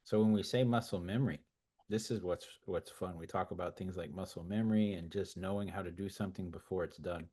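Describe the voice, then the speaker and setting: Guy with a really low voice chatting on a webinar, stops and repeats himself a lot. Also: steady tone, warm tone, slightly rough. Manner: halting, repeats words while searching for them. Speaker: webinar co-presenter. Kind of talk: casual webinar talk.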